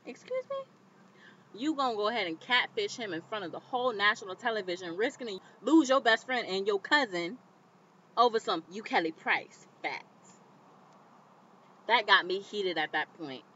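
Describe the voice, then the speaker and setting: A woman vlogger recapping a TV episode in casual commentary, animated and indignant, talking straight to the viewer. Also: medium pitch, normal speed, slight background noise. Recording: slightly dull lo-fi recording.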